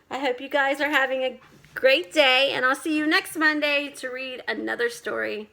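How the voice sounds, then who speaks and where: A woman reading a storybook aloud to children as their teacher, expressive, with dramatic pauses and questions to her listeners. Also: high voice, gravelly.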